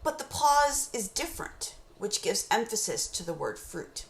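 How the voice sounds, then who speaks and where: A woman teacher giving a recorded course lecture on poetry, explaining terms in a measured way and reading short poem excerpts slowly aloud. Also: mid-range voice, big pitch swings, roomy sound.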